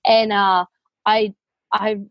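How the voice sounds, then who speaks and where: A young Australian woman speaking as a podcast guest, pouring out her story with heartfelt feeling and a stream of casual fillers. Her voice sits at an ordinary middle pitch for a woman. The sound is dry and close, with no room echo. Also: little pitch movement, slow, dull audio. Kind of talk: casual interview.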